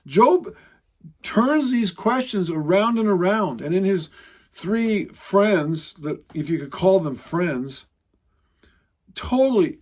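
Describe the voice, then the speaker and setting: A man teaching a sermon in a conversational, emphatic way, slowing down for dramatic quotes. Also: sits high, darkish tone. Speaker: Bible teacher.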